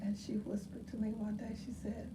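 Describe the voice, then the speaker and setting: An older woman, a retired teacher, reminiscing with fond, slow, exclaiming remarks. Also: mid-range voice. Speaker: retired first grade teacher. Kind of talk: reminiscing while looking through a book. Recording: distant mic with steady background noise.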